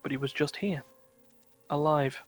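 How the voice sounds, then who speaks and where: A man's voice: fairly high pitch, steady tone, soft background music. A man voicing a stunned grieving widow. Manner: halting, stunned questions. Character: grieving middle-aged widow, shaken and tearful.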